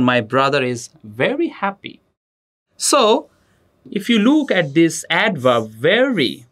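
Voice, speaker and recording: A Bangladeshi teacher whose first language is Bengali gives a grammar lesson, addressing students directly and repeating example sentences with emphasis. The voice is medium-pitched and fairly bright.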